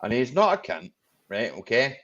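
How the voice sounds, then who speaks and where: A man's voice: medium pitch, sing-song, normal speed, fairly bright tone. Scottish man, livestream host, blunt, sweary, dull lo-fi audio. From Scotland. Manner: blunt, sweary, keeps checking "right? okay?". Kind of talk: casual live chat.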